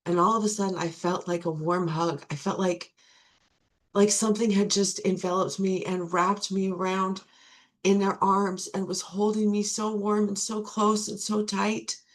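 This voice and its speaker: A woman's voice: medium pitch, flat delivery, moderate pace. A middle-aged woman sharing her recovery testimony, earnest and repeating key phrases for emphasis.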